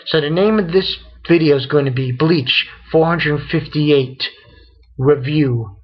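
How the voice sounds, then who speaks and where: A man's voice: on the high side, unhurried, highs cut off. A man hosting his own channel, rambling through a casual review rant and stringing events together with "and then". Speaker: manga reviewer, channel host.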